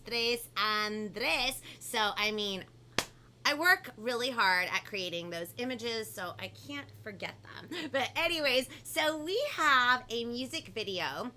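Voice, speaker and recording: A woman hosting a children's live stream, talking in a bubbly, animated way and reading out viewer comments. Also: a little high. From family from Peru. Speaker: host of a live kids' show. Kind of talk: upbeat live-stream chat.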